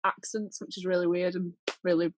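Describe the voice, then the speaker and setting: A woman's voice: lowish voice, little pitch movement, a little fast, slight background noise. A woman guest on a podcast, an actress, chatting playfully and laughing often. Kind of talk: casual chat.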